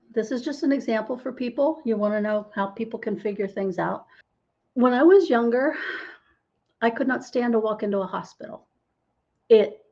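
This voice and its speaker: A woman's voice: fairly high pitch, dark tone. Woman explaining, with a slightly dull sound. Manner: explanatory, tags lines with "right?". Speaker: holistic healer guest. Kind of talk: podcast interview.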